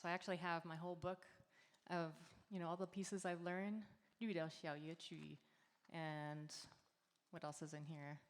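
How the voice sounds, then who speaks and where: A woman's voice: lowish voice, normal speed. Woman chatting to a crowd in a hall. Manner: relaxed, friendly, with filler words and light laughs. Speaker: singer and performer. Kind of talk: chatty stage introduction to an audience. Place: large hall at a community celebration. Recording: live hall sound with long reverb.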